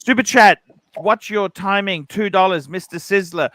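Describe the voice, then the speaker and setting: Australian male host, smooth ringing voice, excitable chatter. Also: high-pitched, moderate pace, no echo. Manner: excitable, reads viewer messages aloud, sometimes shouts. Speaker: livestream host. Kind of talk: casual livestream chat.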